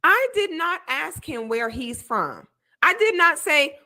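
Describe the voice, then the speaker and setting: Her voice is a little high and sharp, with a sing-song lilt at an ordinary pace. A young woman reacting to a clip on a debate panel, she sounds indignant, leans hard on her points, and keeps repeating them.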